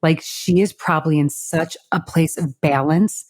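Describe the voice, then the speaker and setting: A woman's voice: sits low, fairly even intonation, moderate pace, a little mellow, dry recording, clean studio sound. A middle-aged woman co-hosting a podcast in casual chat, frank and chatty, swearing now and then. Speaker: podcast co-host.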